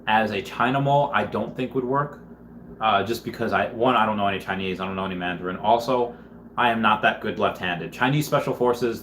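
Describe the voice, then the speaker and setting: A man's voice: on the low side, fairly bright tone, a little hiss or hum. A man casually chatting on a livestream, reading viewer comments aloud and rambling with lots of fillers. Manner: rambling, with many fillers and restarts. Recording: roomy echo.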